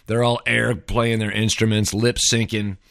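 Laid-back male podcast host, middle-aged, lowish voice, dry booth sound, wry and rambling. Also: level tone, unhurried, creaky, a bit bright, dry recording. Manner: rambling, wry, says "man" and "dude" a lot. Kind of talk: casual solo monologue.

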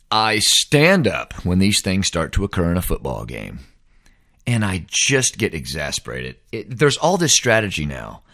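A middle-aged man delivers a sports opinion monologue. His voice swings widely in pitch as he rants, sounding exasperated and emphatic. He stays blunt and heated throughout. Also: a bit bright. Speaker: host.

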